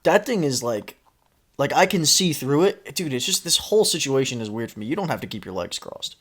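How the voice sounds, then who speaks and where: A man's voice: medium pitch, very animated, brisk, fairly bright tone. A man co-hosting a casual podcast, teasing his friend, rambling through stories and swearing freely. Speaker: podcast co-host. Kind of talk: casual chat.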